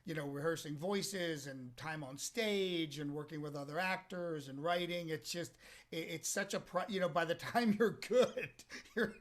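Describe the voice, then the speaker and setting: A middle-aged American comedian chatting as an interview guest, talking in animated bursts with lots of restarts. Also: male voice, a little high, normal speed. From United States. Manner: animated, rambling with many restarts. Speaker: comedian and impersonator.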